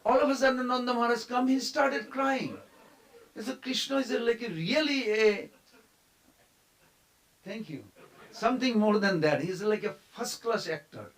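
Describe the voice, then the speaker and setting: A man giving a devotional storytelling class at a temple, animated, quizzing his listeners and briefly acting out the figures in the story. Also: very high voice, normal speed, pauses often, poor audio. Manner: animated, quizzes the audience, acts out quoted figures.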